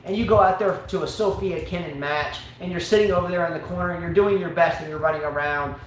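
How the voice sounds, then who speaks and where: A man co-hosting a live online sports talk show, ranting in an animated way with comic outbursts. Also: fairly high pitch, quick pace. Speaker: show co-host. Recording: very echoey room, faint hiss.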